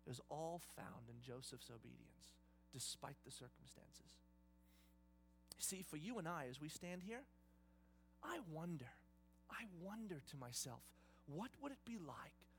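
A man preaching a sermon in an emphatic style, swinging between hushed and loud delivery. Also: on the high side. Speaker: pastor.

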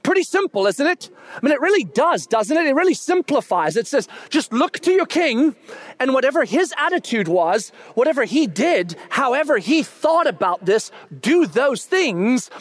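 A middle-aged male pastor preaching a sermon, animated and building to shouts as he gets excited. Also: very high-pitched, normal speed.

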